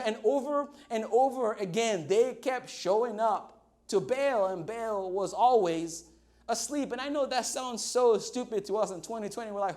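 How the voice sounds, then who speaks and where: A man's voice: sits high, a little fast, a little mellow. A man preaching a sermon as pastor, conversational and humorous, often checking in with "right?".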